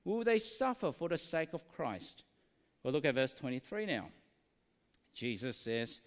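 A man preaching a sermon, earnest and full of rhetorical questions, slowing down to stress key words. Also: fairly high pitch, sing-song, in a large hall.

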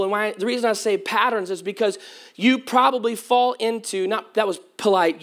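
A man preaching a sermon as pastor, telling humorous stories to his congregation. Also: high voice. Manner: humorous, animated storytelling to a congregation. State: voice cracking at times.

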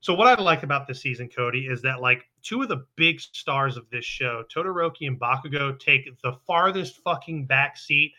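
A man's voice: mid-range voice, animated, moderate pace, few pauses, sharp tone. A man co-hosting a casual podcast, recapping episodes in a rambling, profane way with many restarts. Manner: rambling, profane, quotes characters in passing. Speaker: podcast co-host recapping an anime. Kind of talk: casual chat.

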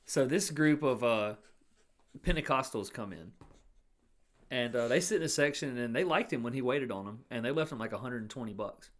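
A man's voice: mid-range voice, lively intonation, moderate pace, fairly bright tone. A young man co-hosting a podcast, rambling casually with a lot of filler words. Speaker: podcast co-host. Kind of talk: casual chat.

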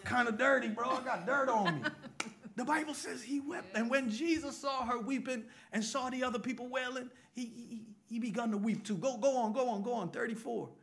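A man preaching an animated sermon in a church, dropping to hushed whispers and rising to excited bursts. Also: extremely high pitch, fairly quick, few pauses. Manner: swings from hushed whispers to loud excited bursts, acts out voices.

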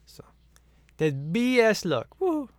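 A man's voice: high voice, very animated, takes it slowly, no room sound. A man in casual, rambling chat as he watches a film at home, laughing often. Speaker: movie commentary viewer.

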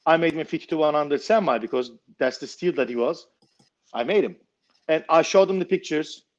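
A knife maker telling a story casually, blunt and swearing freely. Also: male voice, a little high, fairly quick, highs cut off.

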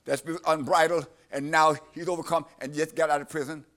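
A man's voice: a little high, little pitch movement, fast, fairly bright tone. A man preaching a sermon, emphatic and repeating his phrases, trading lines with a scripture reader.

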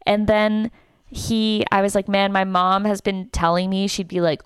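A woman's voice: medium pitch, fairly quick, clear, resonant tone, no room sound, clean studio sound. A young woman from Canada, a comedian casually telling a story on a podcast and acting out what people said. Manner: animated, acts out quotes.

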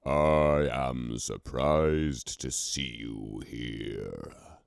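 A man voicing a boastful giant stone-scaled male ruler, slow and drawling, in a storybook reading. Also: a bass voice, vocal fry, smooth, dry recording, exaggerated voice.

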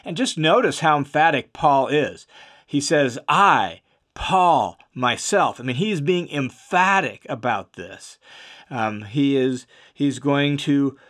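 A man giving an explanatory Bible lesson in a conversational, steady way, with frequent fillers and restarts and stress on key words. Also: medium pitch, measured pace. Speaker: Bible teacher.

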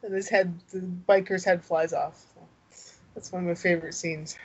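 A woman's voice: on the low side, fairly even intonation, moderate pace, breathy edge. A woman co-hosting a casual chat, laughing often and restarting her sentences. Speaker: podcast co-host. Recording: dull lo-fi sound.

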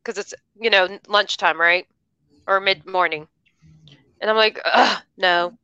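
A woman's voice: mid-range voice, fairly even intonation, normal speed, bright, forceful tone, smooth, no echo, dull audio. A woman hosting a casual chat, talking in a chatty, rambling way with many restarts. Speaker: host.

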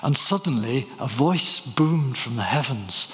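A man's voice: mid-range voice, expressive, a little slow, fairly bright tone. A man preaching a sermon, telling stories and asking rhetorical questions. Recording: reverberant hall.

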